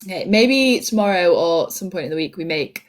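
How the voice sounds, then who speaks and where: A woman's voice: on the low side, lively intonation, normal speed. A young woman co-hosting a live podcast stream, reading out listener comments in a giggly, easily amused way. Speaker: podcast co-host. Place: indoors at a shared table.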